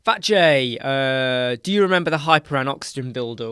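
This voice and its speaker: A man's voice: medium pitch, expressive, normal speed, fairly bright tone, clear, resonant tone, no echo, studio quality. A tired British man hosting a live Q&A stream, explaining things casually with rambling self-corrections. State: tired, yawning. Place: dark home studio with soundproof panels.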